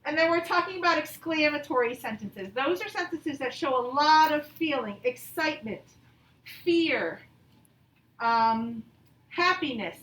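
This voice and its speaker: A woman teaching a grammar lesson to young children online, reading example sentences slowly and with exaggerated expression. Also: high-pitched, lively intonation, a bit bright. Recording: echoey room, voice from a distance.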